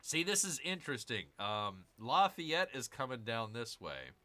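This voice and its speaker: Lively, bright-voiced man narrating a strategy game. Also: mid-range voice, measured pace. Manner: rambling, self-correcting, jokey asides to viewers. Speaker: gaming channel host. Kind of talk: casual strategy game commentary.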